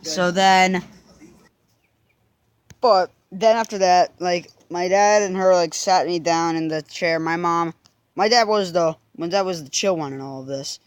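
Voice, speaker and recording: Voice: mid-range voice, a little slow, smooth. A young person casually telling a personal story to the camera, rambling through restarts and fillers and swearing now and then.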